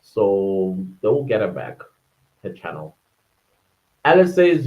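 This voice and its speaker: A man hosting a casual livestream, reading out viewer comments and often breaking into laughter. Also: big pitch swings. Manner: chatty and warm-hearted, often laughing, quick shifts up in pitch. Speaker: livestream host. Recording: muffled lo-fi livestream audio.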